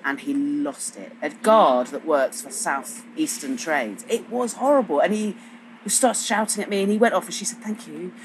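A woman, chatting casually on a podcast, frank and sweary as she tells animated stories. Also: low voice, moderate pace, slight background noise, rough recording. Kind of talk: casual chat.

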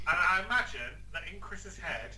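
A man, a panelist on a football podcast, teasing and joking through quick banter. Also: high voice, expressive, sharp tone, a little hiss or hum, rough recording. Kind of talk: casual football chat.

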